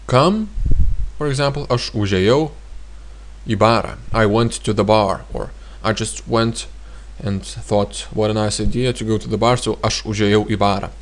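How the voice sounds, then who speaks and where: A man teaching a language lesson, repeating each phrase several times and explaining it in a relaxed, thinking-aloud way with frequent fillers. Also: on the low side.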